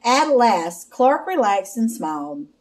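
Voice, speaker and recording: Woman reading a picture book aloud, slow, lively rising and falling pitch, fairly high. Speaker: storyteller. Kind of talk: children's read-aloud.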